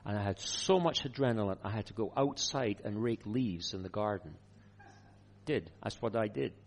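A man's voice: fairly low pitch, moderate pace, slight background noise. Male preacher telling a story. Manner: storytelling, lively, chuckling. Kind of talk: sermon.

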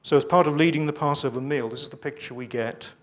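A man with a rather high voice preaches fast, reading scripture aloud with emphasis. Between readings he adds conversational asides with light humour.

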